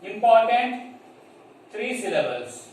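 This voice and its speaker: A man with an Indian English accent teaching a grammar lesson to children, slowly spelling out words and checking whether they understand. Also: high-pitched, big pitch swings, darkish tone. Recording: echoey room from far off, faint noise.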